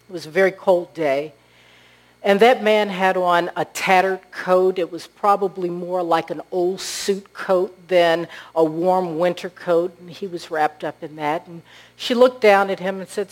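A woman preaching a sermon with a somewhat low voice. She speaks earnestly and tells stories, pausing on rhetorical questions. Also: low-quality recording.

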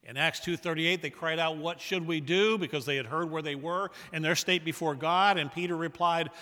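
Bright-voiced man preaching in a reverberant hall. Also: a little high, moderate pace. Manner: emphatic preaching, swings from loud to hushed. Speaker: pastor. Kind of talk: sermon.

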